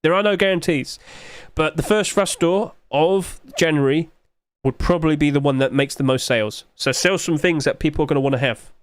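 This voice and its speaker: A man's voice: a little high, brisk, clean tone, no room sound. A man, musing aloud in casual livestream commentary and asking himself rhetorical questions. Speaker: streamer.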